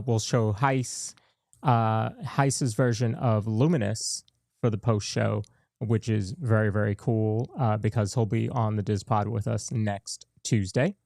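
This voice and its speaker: A man's voice: lowish voice, creaky, darkish tone, no room sound, studio quality. A man hosting a podcast, talking loosely with lots of fillers in casual chat. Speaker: podcast host.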